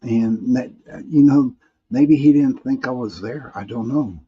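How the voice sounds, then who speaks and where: A man's voice: mid-range voice, measured pace, husky, highs cut off. A man hosting a live paranormal talk stream, reading viewer comments in a rambling way, often restarting and repeating words.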